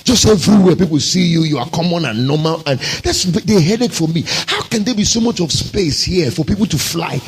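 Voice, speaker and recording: A man's voice: on the high side, animated, fairly quick, creaky, few pauses, slight background noise, poor audio. Emphatic man preaching a sermon. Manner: emphatic, rhetorical preaching with repeated phrases. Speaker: pastor.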